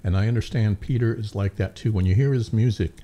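A man's voice: fairly low pitch, fast, mellow. A man hosting a community radio show, chatting in a friendly, enthusiastic way into a studio microphone. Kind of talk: casual radio chat.

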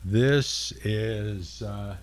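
A man sitting in as a radio host, chatting casually in a rambling, unhurried way with pauses in a studio. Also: on the low side.

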